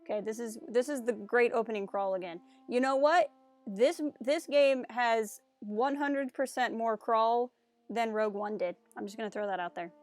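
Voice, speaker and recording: A woman's voice: fairly high pitch, normal speed, a little mellow, faint music behind. A woman streaming a game live, chatting casually, joking and reading the on-screen text aloud.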